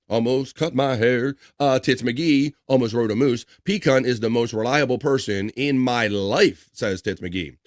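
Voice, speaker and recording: A man with a middle-pitched voice hosts a casual stream, reading viewer comments aloud with frequent laughs. The recording is dry and close on a streaming mic. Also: dry recording. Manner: chatty, laughs often, reads chat names aloud. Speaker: livestream talk show host.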